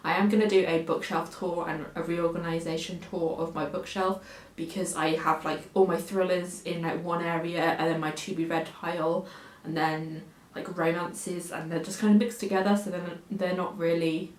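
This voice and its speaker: A woman's voice: on the low side, steady tone, moderate pace, echoey room, rough recording. A woman in her twenties with an English accent from the Oxfordshire and Cambridgeshire area, chatting casually to camera at home as a book vlogger, rambling and self-deprecating with lots of fillers. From England.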